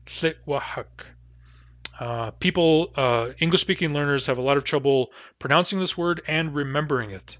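A man teaching a language lesson, slowly modelling pronunciation with frequent pauses and fillers, on a dull, dry recording. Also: medium pitch, fairly bright tone, no echo. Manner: slow, careful modelling of sounds with many fillers.

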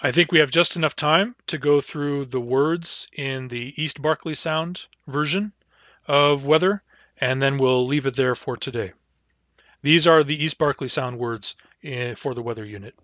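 A man teaching a language lesson, saying each word slowly and then repeating it. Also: medium pitch, a bit bright, no room sound, muffled recording. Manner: slow, deliberate, repeats each word twice.

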